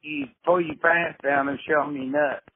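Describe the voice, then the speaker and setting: A man doing a prank call puts on a blustering Mississippi character, an irate, stubborn, middle-aged man with a Southern US accent who cusses and rambles indignantly. His own voice is husky and on the high side, steady in tone and normal in speed. It comes through a tinny phone line with faint hiss.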